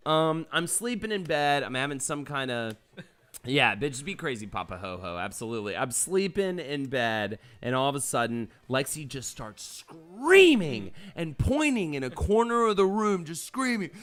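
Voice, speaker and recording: A man's voice: fairly high pitch, sing-song, moderate pace, a bit bright. A man hosting a live-streamed podcast, reading chat comments aloud and telling stories casually, with swearing. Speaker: podcast host.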